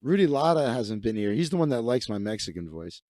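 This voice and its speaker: A man's voice: mid-range voice, sing-song, fairly quick, dark tone, no room sound. A man around thirty, a comedian and magician hosting his own livestream, telling stories in a profane, rambling way. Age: 30s. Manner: profane, rambling, self-interrupting. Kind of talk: casual comedic rant.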